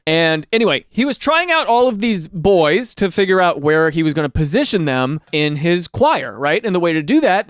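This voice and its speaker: A man hosts a casual comedic chat, reacting to stories and slipping into exaggerated voices for quotes. His voice sits high and swings widely in pitch. The tone is smooth and clear, and the sound is dry and close. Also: no echo. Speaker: host.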